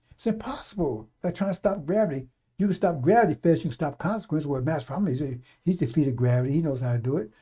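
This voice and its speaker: A middle-aged man delivers a fiery, improvised radio sermon with blunt, profane exhortations that circle back to the same warning. His voice sits a little high for a man. The tone is mellow and dark rather than bright. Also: breathy edge. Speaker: radio preacher.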